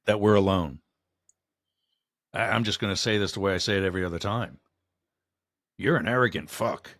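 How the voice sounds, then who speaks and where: Male podcast co-host, low-pitched, blunt and emphatic, dry close sound. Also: fairly even intonation, quick pace, a bit bright, dry recording. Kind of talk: casual conversation.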